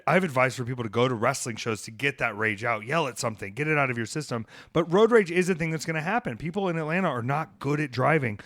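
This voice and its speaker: A man hosting a podcast in casual chat, an animated storyteller who bursts into loud acted-out bits. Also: mid-range voice, dry recording, studio quality. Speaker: podcast host. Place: near Atlanta.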